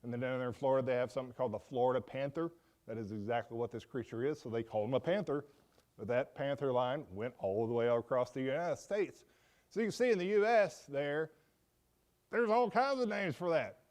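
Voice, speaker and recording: A man teaching a Sunday school class in an informal, animated way, acting out quotes with folksy asides. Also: mid-range voice, a little fast.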